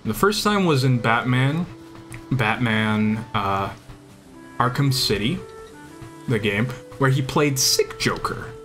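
A man's voice: mid-range voice, expressive, slow, long pauses, fairly bright tone, faint music behind. A young man chatting casually while streaming a game, rambling and enthusiastic, often restarting his sentences. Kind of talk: casual chat while gaming.

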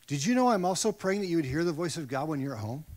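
A middle-aged pastor preaching a sermon in a church, telling a personal story with lively, acted-out quotes. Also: male voice, on the high side, quick pace. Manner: animated storytelling, acts out quoted voices. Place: church sanctuary.

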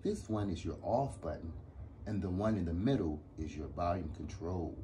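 A man voicing a gentle, patient female schoolteacher in a storybook reading, coaxing and soft-spoken. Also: deep voice, normal speed, a little hiss or hum, close to an everyday voice.

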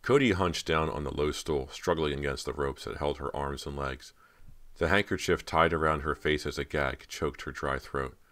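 A man reading a horror audiobook in a steady, dramatic way. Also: extremely low pitch, moderate pace. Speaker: audiobook narrator. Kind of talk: scripted narration of a horror novel.

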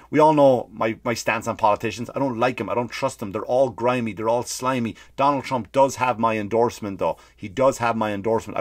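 A man's voice: mid-range voice, no room sound, clean studio sound. A profane, ranting male comedian. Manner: profane, rapid, emphatic ranting with repeated phrases. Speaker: comedian, podcast host. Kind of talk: comedic rant.

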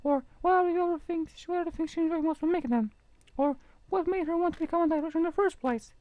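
A woman's voice: very high-pitched, quick pace, no echo, lo-fi sound. A woman voicing a blunt, sarcastic teenage girl classmate who makes dry, dismissive retorts.

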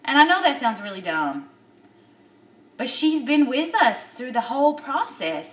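Woman in her thirties, tearful video diary, halting, lots of fillers; roomy echo, mic set back. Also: a little high, expressive, vocal fry, a bit bright, distant mic, slight background noise. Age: 30s. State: upset, near tears. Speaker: vlogger.

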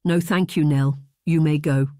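A man's voice: a little high, fairly even intonation, a little slow, mellow, no echo, studio quality, lightly acted. A narrator voicing a tired, troubled nobleman in his thirties who speaks in a tense, clipped way. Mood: weary. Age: 30s.

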